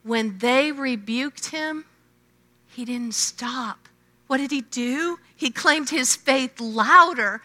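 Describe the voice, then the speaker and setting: A woman preaching a sermon, emphatic, swelling loud and then dropping to a hush. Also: high-pitched. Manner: emphatic, slow, with swelling and hushed phrases. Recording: long hall reverb.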